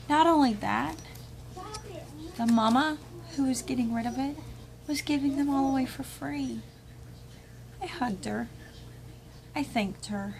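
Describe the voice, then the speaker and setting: A woman's voice: high-pitched, unhurried, vocal fry, long pauses, a little hiss or hum. A middle-aged woman vlogging at home about homeschool books she picked up, talking casually and acting out the voices of people she quotes. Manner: chatty and animated, acts out quoted voices with laughs and whispers. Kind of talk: casual chat, showing a curriculum haul. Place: home room with children nearby.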